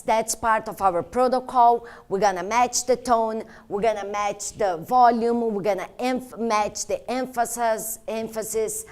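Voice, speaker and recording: A woman teaching interpreters, explaining step by step in an earnest instructional tone with slightly non-native phrasing. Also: fairly high pitch. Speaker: interpreter trainer. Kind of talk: instructional talk.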